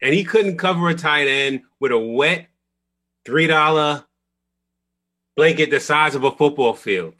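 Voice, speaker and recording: A man's voice: on the high side, measured pace, long pauses, pushed and bright. Emphatic man ranting about football. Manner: emphatic, blunt, says okay a lot. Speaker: podcast co-host. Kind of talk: casual sports chat.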